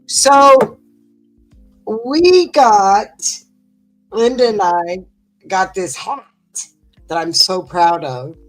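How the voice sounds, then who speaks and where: A woman's voice: mid-range voice, drawn-out words, pauses often, faint music behind, low-quality recording. A middle-aged woman co-hosting a livestream, rambling through stories in casual chat with lots of fillers. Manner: chatty, rambling storytelling with many fillers. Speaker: livestream co-host.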